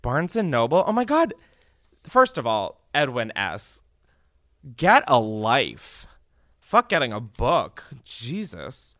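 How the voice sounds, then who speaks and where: A man's voice: medium pitch, a little slow, no echo, studio quality. A young man hosting a podcast, chatting and joking sarcastically while reading reviews aloud. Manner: animated, sarcastic, swearing, laughing often. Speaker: podcast host. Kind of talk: casual comedic chat, reading reviews aloud.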